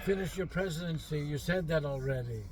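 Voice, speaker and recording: A man interviewing in a comedy bit, asking halting questions with false starts. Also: a little high, a little hiss or hum. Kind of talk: comic interview.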